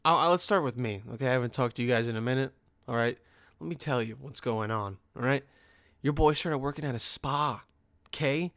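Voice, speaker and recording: Male podcast host, rambling and profane, smooth resonant tone, dry close sound. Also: mid-range voice, fairly quick, fairly bright tone, dry recording. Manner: profane, rambling, full of fillers and restarts. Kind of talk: casual rambling monologue.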